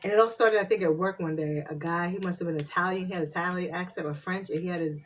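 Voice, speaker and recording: A woman's voice: fairly low pitch, fast talker, a little hiss or hum. A woman hosting a casual live spiritual reading, chatty and loose, laughing and swearing freely, and often slipping into muttered asides to her viewers.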